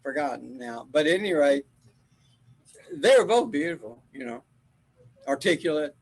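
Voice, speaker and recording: An older man tells a meandering story in a relaxed group conversation, his voice husky and slightly high. His pitch swings widely as he talks, and he breaks into laughter often. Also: normal speed, low-quality recording. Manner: rambling storyteller with frequent laughs. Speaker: spiritual teacher. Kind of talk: casual group chat.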